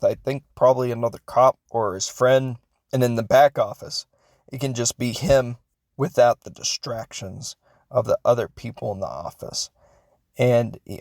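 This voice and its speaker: A man's voice: medium pitch, creaky, a little mellow, no room sound, clean studio sound. A man hosting a podcast, recapping a film in a casual, rambling way, often unsure and correcting himself, with joking asides. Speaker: podcast host reviewing films.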